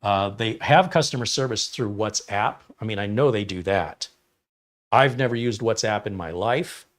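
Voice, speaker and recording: A man's voice: lowish voice, normal speed. Rambling, opinionated man on a livestream. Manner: rambling, opinionated, reads chat comments aloud. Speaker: livestream host reviewing mini PCs. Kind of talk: casual livestream chat.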